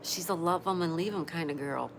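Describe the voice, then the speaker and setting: Hosting a relaxed live stream, a woman speaks at a normal pace in a lowish voice. She's chatty, welcoming viewers by name and reading out their comments, with clear background noise behind her.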